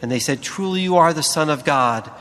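Man preaching slowly in an echoing hall. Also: on the high side, animated, a bit bright. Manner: slow, deliberate preaching with emphatic pauses. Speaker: priest. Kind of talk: sermon.

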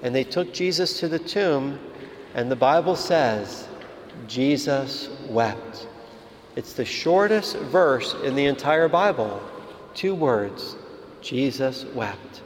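A man, a priest, giving a calm, measured sermon in a church. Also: fairly high pitch, a little hiss or hum. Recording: reverberant hall with faint ambience.

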